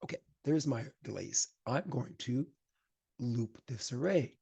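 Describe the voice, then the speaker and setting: A man leads a programming lecture, coding live and talking through each step as he types. His voice is husky and mellow, at an ordinary middle pitch. He grows emphatic when he hands out advice. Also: expressive, unhurried. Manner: chatty, thinks aloud while typing code. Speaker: programming instructor.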